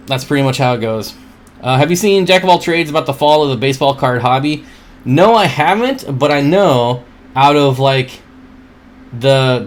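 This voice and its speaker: A man hosting a casual livestream from home. He rambles, reads viewer comments aloud, answers them, and laughs at his own jokes. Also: mid-range voice. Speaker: livestream host.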